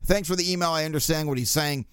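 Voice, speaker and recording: A man's voice: fairly high pitch, quick pace, fairly bright tone, smooth, no room sound, clean studio sound. A young adult man hosting a sports podcast, talking casually in a blunt, joking, profane way. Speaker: podcast host.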